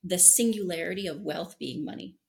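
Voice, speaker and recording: A middle-aged woman guest on an interview podcast, speaking in an animated, storytelling way and often acting out quotes. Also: lowish voice, fairly quick, gravelly.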